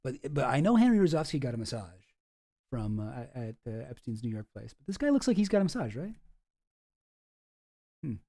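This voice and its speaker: A man's voice: mid-range voice, sing-song, fairly quick, pauses often, mellow. A man giving casual, sarcastic commentary on photos, rambling and swearing freely. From Canada. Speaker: online commentator.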